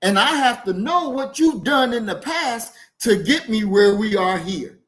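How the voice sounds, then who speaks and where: A man hosting a casual podcast discussion about a book, speaking bluntly and forcefully and repeating points for emphasis. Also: sits high, big pitch swings, measured pace, rough recording.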